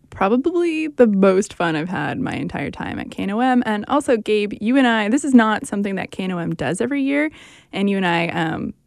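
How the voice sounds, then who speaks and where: Young female radio reporter, eager and chatty, mid-pitched, dry studio sound. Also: gravelly, darkish tone, no room sound. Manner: enthusiastic, chatty, many "like"s. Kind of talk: casual radio chat.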